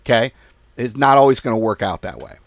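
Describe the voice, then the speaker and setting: Blunt, lively male trading host. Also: a little fast, dry recording. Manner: blunt, exasperated, swears freely; lively, swings pitch and volume. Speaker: forex trading channel host. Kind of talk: casual market commentary to viewers.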